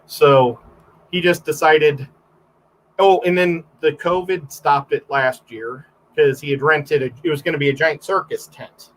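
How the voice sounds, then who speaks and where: A man's voice: a little high, steady tone, a little slow, fairly bright tone, a little hiss or hum, rough recording. A man, a photographer, guesting on a livestream and telling rambling stories in casual chat, full of fillers and restarts.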